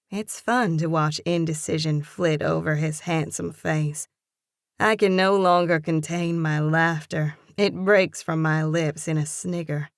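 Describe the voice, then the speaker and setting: A woman narrating a first-person romance audiobook with an expressive, lively character reading. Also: deep voice, slow pace, dry recording, studio quality.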